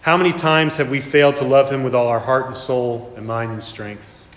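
A man preaching a sermon as a pastor, earnest, slowing down and repeating phrases for emphasis. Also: mid-range voice, fairly even intonation, fairly bright tone. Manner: earnest, with dramatic slow emphasis and repetition. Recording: echoey hall reverb.

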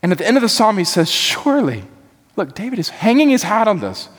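A man's voice: sits high, big pitch swings, fairly quick, in a large hall. A man preaching a sermon as pastor, earnest and building to impassioned emphasis.

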